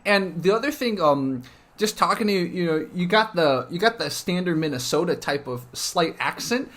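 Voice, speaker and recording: A man's voice: sits high, expressive, normal speed, a bit bright. A man hosting a casual interview, enthusiastic and talkative, filling his speech with "like" and "um" and restarting phrases. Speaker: podcast host, interviewer.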